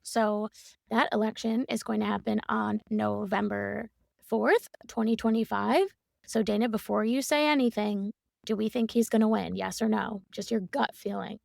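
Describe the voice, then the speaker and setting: A woman's voice: medium pitch, steady tone, normal speed, gravelly, no echo, studio quality. A woman with a Chicago accent co-hosting a podcast, asking questions in a casual, conversational way. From Chicago area. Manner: conversational, asks questions, short reactions. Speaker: podcast co-host. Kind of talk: casual chat, interviewer.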